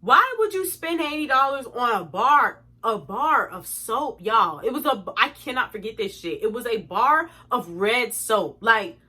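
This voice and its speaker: Bright, blunt young woman ranting. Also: on the high side, animated, unhurried, hardly any pauses, slightly rough. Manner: blunt, profane and indignant, addressing viewers as y'all. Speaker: vlogger. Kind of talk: storytime rant.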